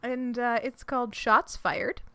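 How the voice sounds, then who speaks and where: A woman's voice: on the high side, fairly even intonation, unhurried, pushed and bright. A young adult woman co-hosting a podcast, chatting casually and giggling, with rambling fillers and restarts as she retells a story. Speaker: podcast co-host. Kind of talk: casual chat, reading a fic summary aloud.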